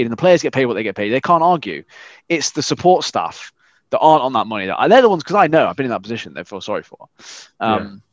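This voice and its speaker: A man in his thirties from England, chatting casually as a podcast co-host, animated and sweary. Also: mid-range voice, no room sound, muffled recording. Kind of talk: casual chat.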